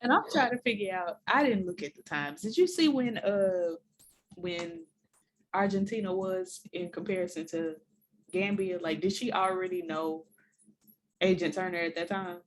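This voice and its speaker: A woman co-hosting a casual TV recap podcast, jokey and expressive, swinging between loud and soft. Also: lowish voice, normal speed, a little hiss or hum. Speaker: podcast co-host.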